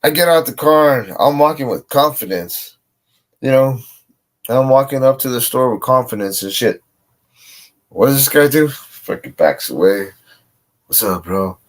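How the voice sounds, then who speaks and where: A man's voice: mid-range voice, animated, moderate pace. A man casually telling a boastful street story, swearing often. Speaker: guest.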